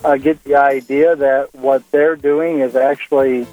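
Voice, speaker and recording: A middle-aged man calling in to an advice show, speaking hesitantly with halting restarts. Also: medium pitch, flat delivery, no room sound, faint music behind. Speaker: caller. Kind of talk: phone-in conversation. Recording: tinny phone line.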